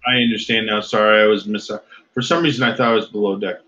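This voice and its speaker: A man's voice: on the low side, steady tone, fast talker, bright, forceful tone. A tabletop player who asks the game master questions with a little hesitation. His voice comes through muffled, lo-fi voice chat. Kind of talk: casual tabletop game talk. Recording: dull lo-fi voice chat audio.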